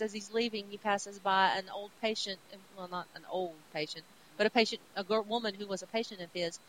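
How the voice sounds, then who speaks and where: A woman co-host tells comic book stories in a chatty, animated way. Her voice sits at an ordinary middle pitch, and a faint hiss runs under the recording. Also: poor audio. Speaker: podcast co-host. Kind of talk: casual retelling of comic books.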